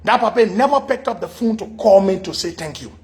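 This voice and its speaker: A middle-aged man holds the mic as a radio host, telling a story in a high voice. His pitch leaps all over as he acts out what each person said. He keeps swinging between his own telling and the voices he puts on. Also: a little fast. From Liberia. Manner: animated, acts out quoted dialogue in shifting voices. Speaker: radio talk show host. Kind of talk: storytelling monologue.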